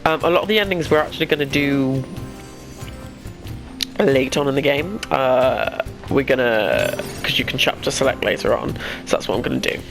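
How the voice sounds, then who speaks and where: A man doing relaxed, chatty let's-play commentary on a game. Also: medium pitch, normal speed, creaky, over music. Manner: relaxed, chatty, self-deprecating. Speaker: gaming YouTuber.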